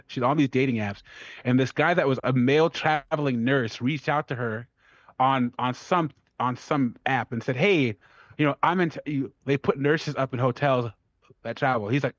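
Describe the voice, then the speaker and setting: A man's voice: mid-range voice, no echo. A man co-hosting a call-in show, lecturing in an opinionated way and stumbling over repeated words. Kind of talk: casual talk-show commentary. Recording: dry, dull audio.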